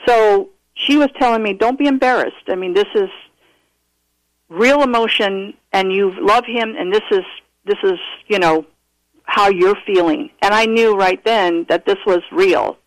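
A man calling in to tell a personal story, earnest and animated, often restarting his sentences. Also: high-pitched, unhurried, dry recording, rough recording. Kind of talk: casual storytelling interview.

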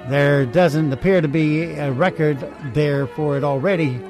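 A man's voice: on the high side, measured pace, over music. A man hosting a casual radio chat, offhand and hesitant, with frequent ums between items. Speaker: radio host.

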